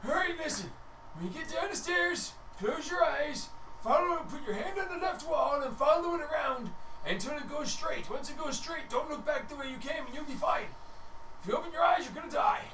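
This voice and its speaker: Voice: high-pitched, brisk, pitched above the performer's own voice. A game master voicing an old man who gives urgent escape directions, recorded in a roomy space from a distant mic. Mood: stern warning. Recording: roomy, distant mic, steady background noise.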